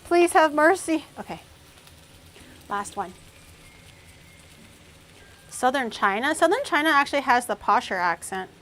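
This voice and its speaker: Chatty high-voiced woman cooking on stream. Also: expressive, measured pace, long pauses, bright, forceful tone. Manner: chatty, thinks aloud, snaps back at chat. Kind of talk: casual cooking livestream chat.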